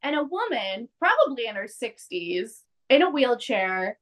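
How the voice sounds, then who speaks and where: A woman hosting a podcast, casually recapping an episode with lively acted-out quotes. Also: a little high, measured pace. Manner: animated, acts out quotes, laughs often. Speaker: podcast host.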